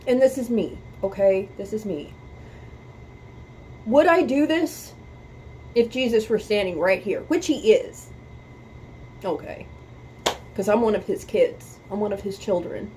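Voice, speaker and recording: Slow, earnest woman, soft and mellow. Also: medium pitch, a little hiss or hum, rough recording. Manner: earnest, emphatic, repeats phrases for stress. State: emotional, near tears. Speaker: music reaction video host. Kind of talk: heartfelt talk to camera about faith.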